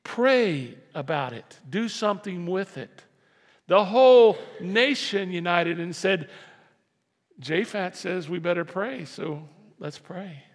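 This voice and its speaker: Preaching man, high voice, gravelly edge, emphatic, repeats key lines, reverberant church hall. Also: lively intonation, takes it slowly. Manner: emphatic, repeats lines, asks congregation to respond. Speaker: pastor. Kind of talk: sermon. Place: church sanctuary.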